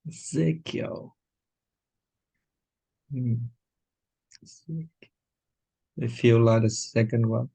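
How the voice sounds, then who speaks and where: Very low, husky, creaky-voiced woman. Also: mellow. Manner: hesitant, repeats words slowly to try them out. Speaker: student. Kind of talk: practicing pronunciation in a lesson.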